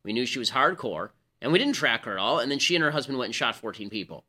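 A man hosting a political talk show, delivering a rapid, sarcastic, argumentative monologue. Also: mid-range voice, expressive, bright, forceful tone. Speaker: political commentary host.

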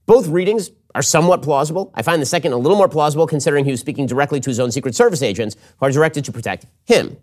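A man hosting a political commentary show, delivering a quick, sardonic, opinionated monologue into a studio mic. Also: on the high side. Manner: animated, sardonic, quick restarts.

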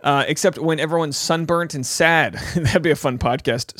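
A man in his thirties rambles loosely and jokingly through a reality show recap, slipping into quick silly voices whenever he quotes someone. His voice runs a little high for a man, and his tone stays steady. The recording is close and dry, with no room sound at all.

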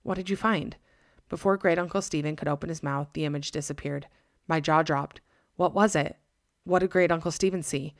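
A woman podcast host narrating a scary story in a measured, dramatic reading. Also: deep voice, no echo, studio quality.

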